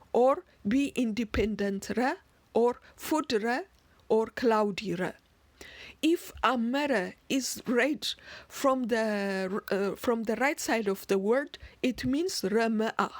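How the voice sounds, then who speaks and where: Slow, deliberate woman lecturing. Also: a little high, no echo. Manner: slow, deliberate delivery with occasional restarts. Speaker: narrator. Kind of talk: slow explanatory lecture on word origins.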